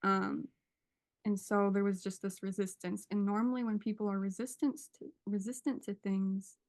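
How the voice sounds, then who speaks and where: A woman guest on a video call sharing a heartfelt testimony, emotional and earnest, pausing as she searches for words. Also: medium pitch, level tone, a little mellow.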